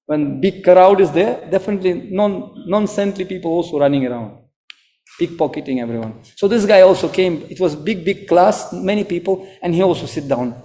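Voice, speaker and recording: A Russian-accented monk preacher tells a sermon story in lively, broken English. His voice sits high for a man, with a mellow, dark tone.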